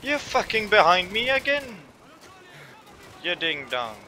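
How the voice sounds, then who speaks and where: A man's voice: sits high, sing-song, measured pace, bright, forceful tone, slight background noise. A man commentating on his own gameplay, frustrated and swearing constantly. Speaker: gamer. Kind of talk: let's play commentary.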